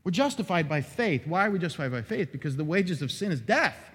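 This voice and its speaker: A man preaching an expository sermon as pastor, animated and dramatic, acting out quoted lines with sudden rises in his voice. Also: a little high, fairly quick, husky. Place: church sanctuary. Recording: long hall reverb.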